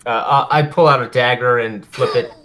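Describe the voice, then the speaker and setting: Mid-pitched male player, plain delivery. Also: fairly even intonation, normal speed, a bit bright. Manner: descriptive, stops to find words. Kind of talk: tabletop role-play.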